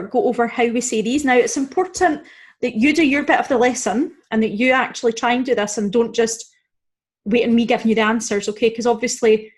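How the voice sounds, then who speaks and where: A woman teaching a beginner Spanish lesson, explaining step by step, saying Spanish example words slowly and clearly, and often checking in with "okay?" and "right?". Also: on the high side. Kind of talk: recorded beginner language lesson.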